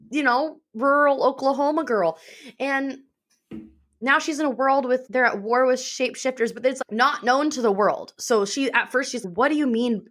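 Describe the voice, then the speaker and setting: A woman co-hosting a podcast, chatting casually and energetically as she retells a book's plot and swears freely. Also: fairly high pitch. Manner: animated, swearing, retelling plots with quoted voices. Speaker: podcast co-host. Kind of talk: casual chat recommending books.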